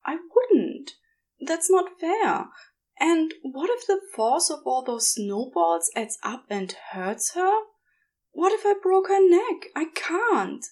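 A woman voicing an anxious, earnest young boy who speaks in a halting, pleading way. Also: very high voice, sing-song, a little mellow, heavily acted. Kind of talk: audiobook character reading.

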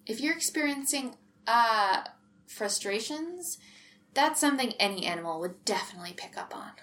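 Woman voicing an eager nosy counselor guy, encouraging, lively pitch, storybook reading. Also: moderate pace.

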